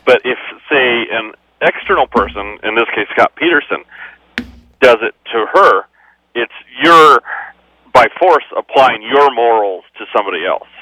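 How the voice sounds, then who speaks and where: A man calling in to a radio show, speaking slowly and a bit haltingly over a phone line. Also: mid-range voice, lively intonation, sharp tone, no room sound. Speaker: caller. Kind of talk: phone-in call.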